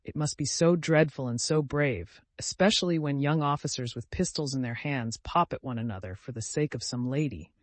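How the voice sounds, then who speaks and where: A man's voice: medium pitch, moderate pace, hardly any pauses, no echo, close to an everyday voice. A man reading an insinuating young woman. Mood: dreamy. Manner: insinuating, tender.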